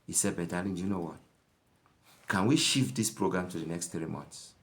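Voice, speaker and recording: A man voicing a calm, gentle wife who speaks softly and quietly. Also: deep voice, moderate pace. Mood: coaxing. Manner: soft, quiet, pleading.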